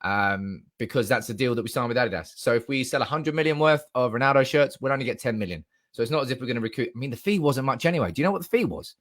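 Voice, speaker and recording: A young man hosts a fan live stream from home, talking straight into a desk mic. His chat is loose and excitable, peppered with swearing and sudden shouts of joy, in a mid-range voice. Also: mid-range voice, racing, hardly any pauses. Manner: animated, swearing, reading comments aloud, bursts of excited shouting.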